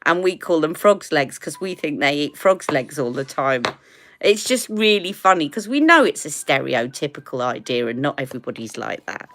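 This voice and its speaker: A woman's voice: low-pitched, big pitch swings, normal speed, fairly bright tone. A woman with a British accent hosting a casual beauty live stream, chatty and rambling, often laughing.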